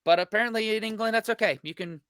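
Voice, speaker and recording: American man, casual reaction chat, bright clear voice, dry close sound. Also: high voice, quick pace, no room sound. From United States. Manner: rambling, hesitant, joking. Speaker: reaction channel host.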